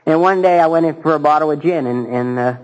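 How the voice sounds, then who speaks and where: Earnest man, slightly high voice. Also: rough recording. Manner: halting and earnest, with dry self-mocking humor. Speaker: speaker sharing his recovery story. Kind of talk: personal testimony at a recovery gathering.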